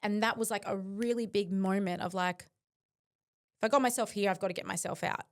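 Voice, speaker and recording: A woman's voice: mid-range voice, fairly even intonation, brisk. Earnest, intense woman. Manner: earnest, intense, with frequent fillers. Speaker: podcast guest, bodybuilder. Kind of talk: reflective interview talk.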